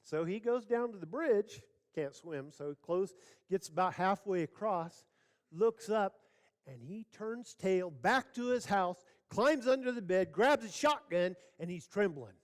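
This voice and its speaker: A man's voice: sits high, expressive, unhurried. A male pastor preaching a sermon, opening with a folksy joking story. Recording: church hall reverb.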